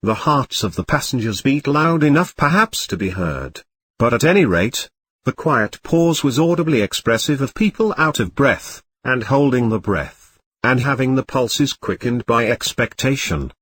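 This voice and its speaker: A man reading a classic novel aloud as an audiobook narrator, even reading punctuation and chapter numbers. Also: mid-range voice, moderate pace, breathy edge.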